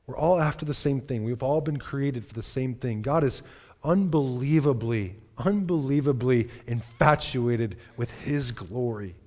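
A man's voice: medium pitch, a little slow, a little mellow. A man preaching a sermon in a church, earnest and repeating phrases for emphasis. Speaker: pastor. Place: church hall.

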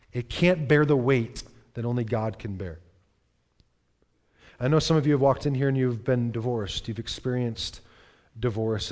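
A man's voice: mid-range voice, darkish tone. A man preaching a sermon in a church, earnest and repeating phrases for emphasis. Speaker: pastor. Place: church hall.

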